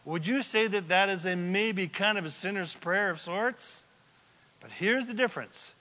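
A male pastor preaching a sermon, telling the story with animated, joking asides. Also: high voice, normal speed. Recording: long hall reverb.

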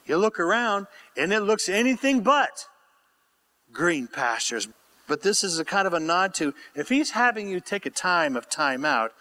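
A man's voice: a little high, lively intonation, normal speed, sharp tone. A man preaching a sermon and reading scripture aloud with asides, prompting the congregation to call out answers. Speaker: pastor.

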